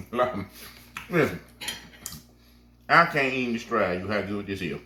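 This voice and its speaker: A man with a very deep voice hosts a home baking show, with a lively, swooping delivery. He is folksy and exclamatory, calling viewers baby and sweetheart. The sound is echoey, with faint music underneath. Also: measured pace, a little hiss or hum. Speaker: baking channel host. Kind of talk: casual cooking vlog chat.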